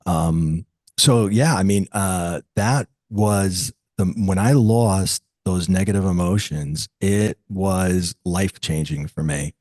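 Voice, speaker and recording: Slow and low-pitched, a metaphysical teacher in his fifties narrates something from his own life for an interviewer. He stays reflective except when quoting others, which makes him lively, and there's no room sound.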